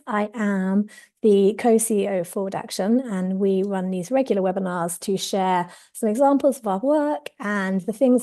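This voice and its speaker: A woman opens a webinar over a video call, upbeat and chatty with the odd filler. Her voice is slightly husky from a recent sore throat. Her tone is mellow and dark. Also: medium pitch. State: husky from tonsillitis. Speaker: webinar host, co-CEO. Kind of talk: welcoming webinar introduction. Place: office.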